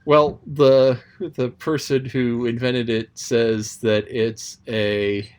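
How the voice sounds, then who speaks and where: A man's voice: mid-range voice, steady tone, takes it slowly, darkish tone. A man casually talking through his thoughts on a book chapter he read aloud. He rambles and muses, with frequent ums and restarts, and now and then slips playfully into quoted voices. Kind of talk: casual spoken commentary.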